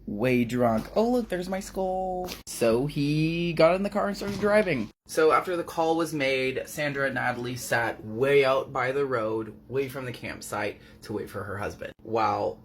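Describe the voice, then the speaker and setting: A man's voice: medium pitch, normal speed, hardly any pauses, a little hiss or hum. A man chattily retelling a novel's plot from his apartment, leaning on fillers as he goes. His voice sits mid-range, with volume that drops and rises as he talks. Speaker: book reader and recapper. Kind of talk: casual book recap narration.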